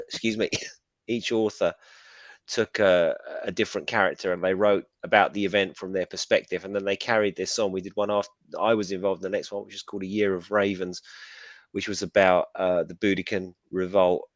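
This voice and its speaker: A man's voice: low-pitched, little pitch movement, a little fast, no room sound, lo-fi sound. A man talking as a regular co-host on a casual live-stream show, chatty and self-deprecating, with a rambling flow.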